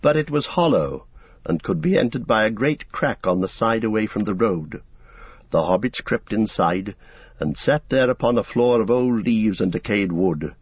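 A man reading a novel aloud as an audiobook narrator in a steady storybook manner. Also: fairly low pitch, normal speed, breathy edge, dry recording. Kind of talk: scripted narration. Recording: dull, dry lo-fi recording.

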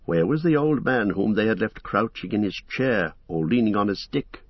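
Husky male audiobook narrator. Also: lowish voice, no echo, muffled recording. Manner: steady, measured storytelling.

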